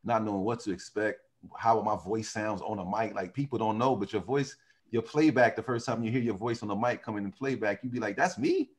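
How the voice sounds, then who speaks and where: A man who sings in a vocal group, telling animated stories in a casual interview and often laughing. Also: fairly low pitch, fairly quick. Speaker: singer in a vocal group, guest.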